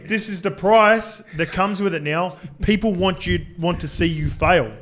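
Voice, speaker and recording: A former rugby league player co-hosts a relaxed podcast, recounting dressing-room stories and backing up his partner's points. His voice sits a little on the high side, and he talks in an easygoing, unscripted way with some swearing. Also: normal speed. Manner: agreeable storyteller, frequent restarts and fillers, occasional swearing. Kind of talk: casual sports podcast chat.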